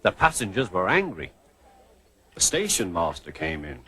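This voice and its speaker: A man narrating a storybook in an expressive way. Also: low-pitched, moderate pace, husky. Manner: expressive, animated. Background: music.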